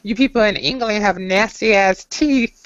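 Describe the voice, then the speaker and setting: Brief: female caller, insulting and sneering, drawn-out delivery, dull lo-fi line with faint hiss. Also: medium pitch, a loud crowd. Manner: mocking, insulting. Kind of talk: crude casual banter. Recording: muffled audio with faint noise.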